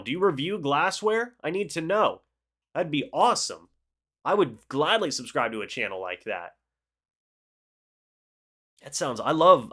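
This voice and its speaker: A young man hosting a live football reaction stream, calling the plays and chatting with viewers in an excitable, talkative way. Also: mid-range voice. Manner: excitable, chatty, reads chat aloud and calls plays. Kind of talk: live game reaction with play-by-play and chat replies.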